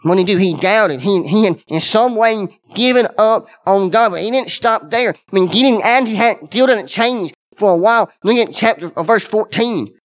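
A man's voice: high-pitched, expressive, moderate pace, few pauses. A man preaching a sermon, earnest and conversational, speaking directly to his congregation and repeating key words for emphasis.

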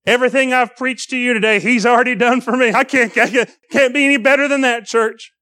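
A man's voice: very high voice, steady tone, quick pace, sharp tone, dry recording, studio quality. A young man preaching a sermon to a congregation, earnest and pleading, repeating his phrases as he calls people to the altar.

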